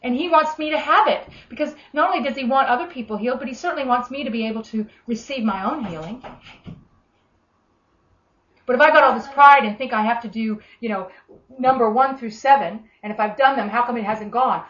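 A woman's voice: on the high side, a little fast. Australian woman preaching in an echoey room. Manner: conversational, animated storytelling with acted quotes. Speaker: minister. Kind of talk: sermon. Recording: echoey room, dull lo-fi sound.

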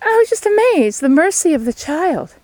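A woman's voice: extremely high pitch, big pitch swings, moderate pace, a little mellow, no echo. A woman giving an outdoor devotional sermon beside a sheep paddock, in an earnest, pleading way of exhorting. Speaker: lay preacher.

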